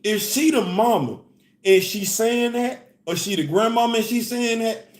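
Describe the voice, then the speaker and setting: Animated man in an echoey room. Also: extremely high pitch, normal speed. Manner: animated, laughing, repeats phrases. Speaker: host. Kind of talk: casual commentary.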